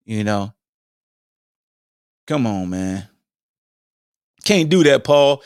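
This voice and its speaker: A man hosting a podcast, delivering a joking commentary monologue in slang, swinging between high exclamations and low mutters. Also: lively intonation, extremely slow, pauses often, clear, resonant tone, no echo, studio quality. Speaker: podcast host. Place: home streaming setup.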